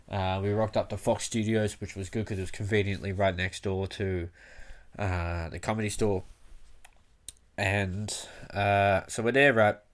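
A young comedian telling a backstage story in a rambling, casual way, swearing often and filling pauses with "uh". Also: male voice, lowish voice.

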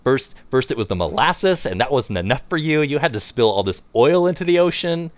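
A man's voice: mid-range voice, sing-song, fairly quick, no room sound. A man in casual chat, telling a story with lots of fillers, restarts and bursts of laughter. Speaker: podcast co-host.

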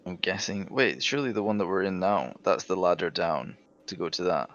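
Man, low voice, tabletop game player, questioning, casual chat, muffled lo-fi mic. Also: brisk, fairly bright tone. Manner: puzzled, asks many questions.

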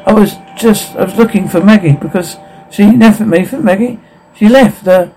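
A man reading a frightened teenage girl's lines in a flat, halting way. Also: sits high, faint music behind, rough recording. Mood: plain. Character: frightened teenage girl looking after her sister.

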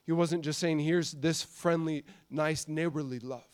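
A middle-aged American man preaching a sermon, swinging from loud emphasis to soft, confiding passages. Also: on the high side, steady tone, measured pace, clear, resonant tone. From United States.

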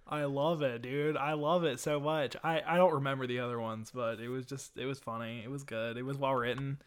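A man's voice: mid-range voice, steady tone, a little fast, clear, resonant tone. A young man co-hosting a casual podcast, enthusiastic and stammering as he gushes to his friend. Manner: enthusiastic, stammering restarts, says "dude" often. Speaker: podcast co-host. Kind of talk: casual chat.

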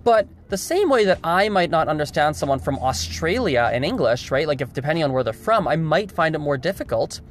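Emphatic man, slightly higher voice. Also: big pitch swings, brisk, few pauses, soft background music. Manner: emphatic, repeats words, restarts often. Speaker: video host. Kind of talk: casual opinion monologue.

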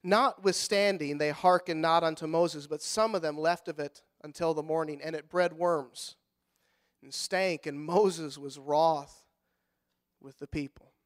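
A middle-aged pastor preaching a sermon in a folksy manner, rising to loud fervent passages and dropping to quiet, soft-spoken stretches. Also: male voice, a little high, fairly even intonation, a little slow. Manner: folksy, repeats words when fired up.

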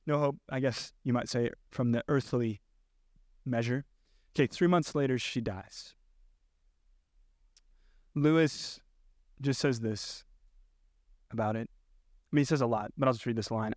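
A man's voice: mid-range voice, a little slow, long pauses, no echo, studio quality. A male pastor preaching a sermon, earnestly reading quoted passages aloud. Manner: earnest, reads quotes with rising intensity.

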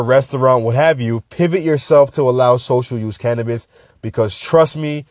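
A man hosting a podcast in a casual monologue, animated and joking, with laid-back asides. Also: mid-range voice, no room sound, studio quality. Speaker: podcast host.

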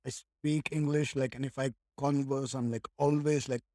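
A man's voice: medium pitch, flat delivery, normal speed, dark tone, dry recording, studio quality. A man from India in casual conversation, thinking aloud and leaning on "like" and "right?" a lot.

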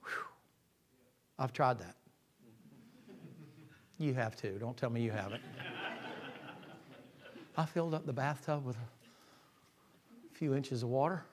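A man's voice: medium pitch, takes it slowly, long pauses. Man preaching, folksy, dynamic, drops to whispers. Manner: folksy, swings from loud to whispered. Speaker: pastor. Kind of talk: sermon.

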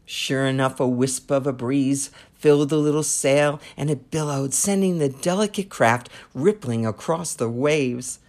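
Slow, deliberate woman devotional host. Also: a bass voice, darkish tone. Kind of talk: devotional storytelling.

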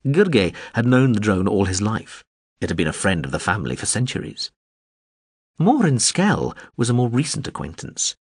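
A low, husky male narrator reading fiction with a lively, rolling pitch. The recording is dry and close, with no room around the voice. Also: no echo. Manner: measured storytelling. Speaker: audiobook narrator. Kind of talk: scripted narration.

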